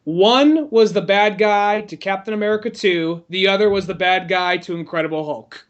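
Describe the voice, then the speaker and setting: A man with a notably high voice co-hosts a podcast in easy, joking chat. He laughs between lines and keeps things loose. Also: moderate pace, muffled recording. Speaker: podcast co-host. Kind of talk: casual chat about movies.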